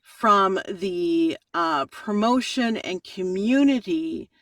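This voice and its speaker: A woman audiobook narrator answering interview questions in a chatty, animated way, often laughing. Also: medium pitch, slow, dry recording, studio quality, distant mic.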